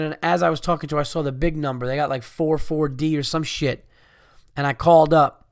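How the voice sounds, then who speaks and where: A man in his thirties rants through a profane story on his podcast, his voice sitting a little high and coming through smooth and clean. He is recorded close and dry, with no room sound behind him. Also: fairly even intonation, brisk, no room sound. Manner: profane, heated, ranting. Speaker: podcast host. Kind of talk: angry storytelling rant.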